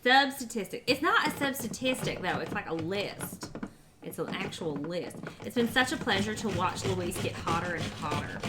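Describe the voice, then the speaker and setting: A woman's voice: mid-range voice, lively intonation, moderate pace, noisy background. A woman hosting a casual cooking livestream, chatting and teasing her viewers as she reads their messages. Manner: chatty, talks to chat, teasing. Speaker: livestream host. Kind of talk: casual cooking stream chat.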